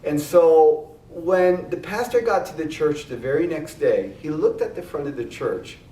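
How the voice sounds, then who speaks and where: Male preacher, animated storyteller with restarts; roomy, distant sound. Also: on the high side. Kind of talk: sermon storytelling. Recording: echoey room, mic at a distance.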